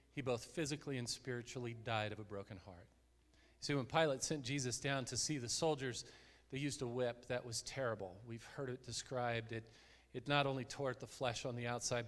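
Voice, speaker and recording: A man delivers a sermon as a guest preacher, his voice sitting at an ordinary middle pitch. He speaks earnestly and sinks into hushed tones at solemn points. The sound carries a long reverb from the church sanctuary.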